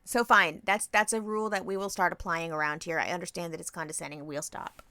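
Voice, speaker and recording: A woman co-hosting a podcast, talking in a blunt, playful way, with casual swearing and quick bits where she acts out what other people say. Her voice sits at a middle pitch and sounds close and dry, with no room around it. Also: steady tone, sharp tone, smooth, no room sound. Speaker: podcast co-host. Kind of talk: casual chat.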